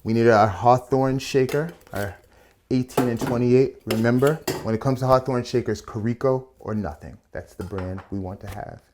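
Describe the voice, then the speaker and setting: A man's voice: medium pitch, moderate pace, noisy background. A man hosting a casual cocktail tutorial, chatty and playful, with asides and slang as he builds a drink. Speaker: bartender and channel host.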